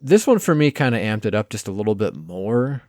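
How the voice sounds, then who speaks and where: A man co-hosting a film podcast, easygoing and thinking out loud with many fillers. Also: fairly low pitch, big pitch swings, a little fast, no room sound, studio quality. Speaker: podcast co-host. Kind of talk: casual chat reviewing a film.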